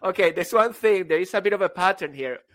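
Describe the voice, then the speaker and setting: A man co-hosting a podcast as a speaking coach, joking around, breaking into song and bursts of shouting. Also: high voice, quick pace, no room sound. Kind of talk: playful podcast banter.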